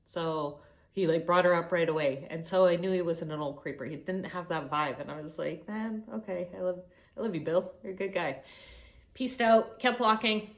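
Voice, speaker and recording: A woman's voice: lowish voice, moderate pace. A young woman from Canada telling a travel story in a chatty vlog, swearing freely and acting out what people said. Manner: chatty, swears freely, retells dialogue animatedly. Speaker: travel vlogger.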